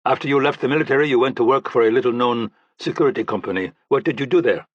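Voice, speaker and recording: A man voicing a calm, polite male police officer with an African accent, asking measured questions. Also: medium pitch, no room sound, highs cut off, voice pushed up, natural voice. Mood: polite, probing.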